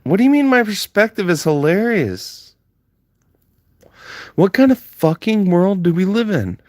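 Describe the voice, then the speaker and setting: A man's voice: high-pitched, sing-song, a little slow, darkish tone, no echo, studio quality. Profane, heated man ranting on livestream. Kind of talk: ranting livestream talk to chat.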